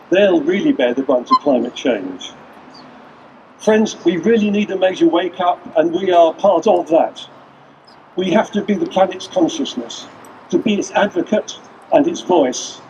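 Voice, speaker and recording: A man's voice: on the high side, darkish tone, slight background noise. A man giving an earnest, rallying speech at an outdoor street protest, using repeated lists. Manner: earnest, rallying, with list-like repetition. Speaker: rally speaker. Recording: distant voice with faint outdoor ambience.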